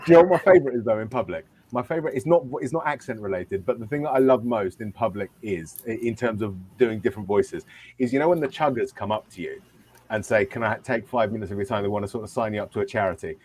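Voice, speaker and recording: A man's voice: fairly low pitch, fast, slight background noise. An English man who works as a voice actor, chatting playfully on a live stream. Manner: animated, playful. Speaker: voice actor guest. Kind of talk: casual chat on a live stream.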